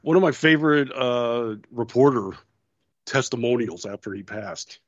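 A man's voice: medium pitch, expressive, moderate pace, no echo. Male co-host, anecdotal storyteller, dull and dry lo-fi sound. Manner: storytelling, quotes others with laughs. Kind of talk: casual chat.

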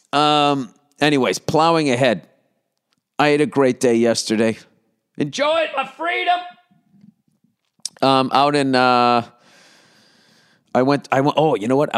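Male comic podcaster, mid-pitched smooth voice, rambling profane monologue with mock outrage. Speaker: comedian and podcast host. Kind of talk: casual comedic rant.

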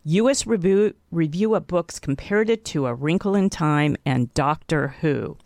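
A woman's voice: sits low, measured pace, darkish tone, no room sound, clean studio sound. A woman hosting an interview show, reading the guest's introduction and reacting chattily. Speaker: talk show host.

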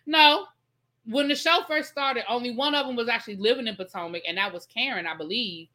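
Bright-voiced woman hosting a chatty live stream. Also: fairly high pitch, a little fast. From Washington, D.C. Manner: chatty, explains patiently, reads out viewer comments. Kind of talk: casual live-stream chat.

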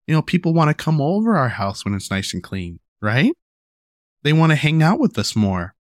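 A young man talking casually about raising his daughter, rambling and restarting, repeating "you know" and "right?", and going higher when he acts out what he tells her. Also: sing-song, moderate pace, no echo, studio quality. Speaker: father sharing parenting advice. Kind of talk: casual monologue to camera.

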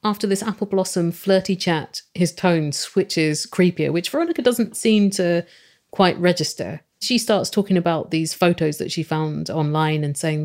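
An English woman co-hosting a podcast, recapping a TV show in casual, animated chat. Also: fairly low pitch, moderate pace. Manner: chatty, giggly, animated storytelling. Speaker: podcast co-host.

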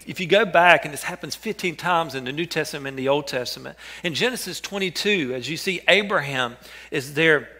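A man preaching a sermon, earnest, repeating names and phrases and dropping to a hush for quoted words. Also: a little high. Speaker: pastor.

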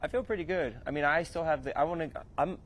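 A man's voice: a little high, fast, fairly bright tone. A man co-hosting a podcast in casual, joking chat, rambling and laughing often. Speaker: podcast co-host. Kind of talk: casual chat among friends.

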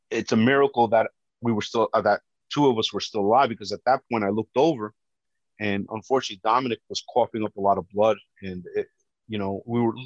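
Big loud-voiced cop telling what happened to him, lo-fi and dry. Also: male voice, fairly low pitch, dry recording. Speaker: police officer telling his story. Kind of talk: personal testimony. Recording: dull, dry lo-fi recording.

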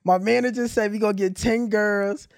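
A young man hosts a podcast, telling stories with lively acted-out dialogue. His voice sits a little high for a man, recorded close and dry with no room around it. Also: normal speed, vocal fry, dry recording. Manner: animated storyteller, acts out dialogue. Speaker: podcast host. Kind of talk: casual storytelling chat.

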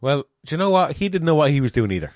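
A man's voice: fairly high pitch, big pitch swings, racing, no room sound, clean studio sound. A man, co-hosting a podcast in casual banter and tossing in wry jokes. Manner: wry, joking asides. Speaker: podcast co-host.

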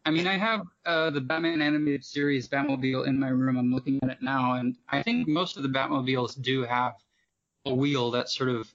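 A man joins a podcast as a guest and talks at length, drifting from point to point. His voice has a gravelly, creaky edge. The sound is muffled and lo-fi. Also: mid-range voice, fairly even intonation, a little fast, a bit bright. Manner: talkative, digressive. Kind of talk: casual podcast chat. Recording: dull lo-fi sound.

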